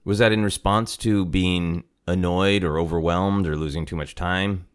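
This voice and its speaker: A man's voice: low voice, fairly even intonation, moderate pace, smooth. A man hosting a podcast from his apartment, chatting casually in a rambling, self-deprecating way and laughing often. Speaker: podcast host. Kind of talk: casual chat. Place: home apartment.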